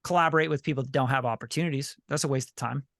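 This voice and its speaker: A man's voice: medium pitch, steady tone, rapid-fire, creaky, a bit bright, dry recording, clean studio sound. A man coaching a member on a video call, blunt, profane and repetitive, often asking "you know what I'm saying". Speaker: sync licensing coach and group leader.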